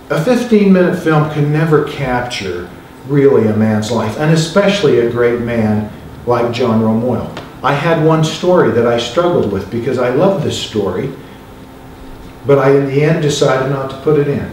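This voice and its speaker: A man's voice: medium pitch, a little mellow. A man speaks to an audience as a filmmaker, telling stories in a loose, joking way. His voice sits in an ordinary middle range. The mic is far from him in a very echoey hall with faint room noise. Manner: chatty, jokey storytelling with asides to the audience. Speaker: filmmaker giving a talk. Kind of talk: storytelling talk to an audience.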